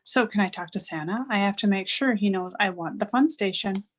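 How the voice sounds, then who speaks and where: A woman voicing an excited young boy who pleads and bounces through his lines in a read-aloud storybook. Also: mid-range voice, brisk, a little hiss or hum, lightly acted.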